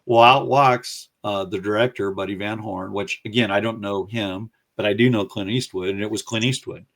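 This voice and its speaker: A man with a low, gravelly voice tells a long story in a relaxed interview. He talks with energy and often slips into the voices of the people he is quoting. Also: moderate pace. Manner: animated storyteller who acts out quoted voices. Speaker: guest recounting his career.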